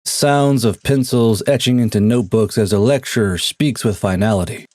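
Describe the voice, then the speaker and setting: A man narrating an animated sci-fi short in an even, descriptive way. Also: lowish voice, moderate pace, dry recording, clean studio sound. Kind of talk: scripted narration.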